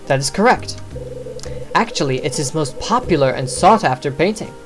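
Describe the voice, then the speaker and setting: A formal, long-winded older novelist from a mystery game, lecturing with a lively rise and fall in a low voice, as a woman reads him out. He speaks at a measured, careful pace. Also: music in the background.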